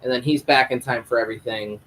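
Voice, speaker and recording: A man reviewing a TV episode live, his recap loose and rambling and full of swearing. He jumps around and corrects himself, with a voice of ordinary middle pitch for a man. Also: quick pace, slight background noise, rough recording. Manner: rambling, profane, animated. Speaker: TV show reviewer.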